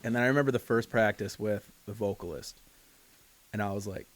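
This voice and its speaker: A man's voice: on the low side, fairly quick, a little hiss or hum. A young man, a podcast host, chatting casually in a laid-back, joking way, full of "like".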